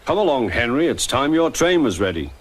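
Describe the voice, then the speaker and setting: A man voicing a brisk, kindly male railway boss in a children's storybook, firm but encouraging. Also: mid-range voice, very animated, pitched above the performer's own voice. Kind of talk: storybook narration with character voices. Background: background music.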